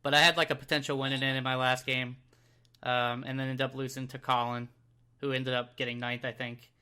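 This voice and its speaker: A man's voice: medium pitch, little pitch movement, brisk, pushed and bright, clean tone. A man with an American accent co-hosting a casual podcast, easygoing and self-deprecating, laughing often. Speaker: podcast co-host.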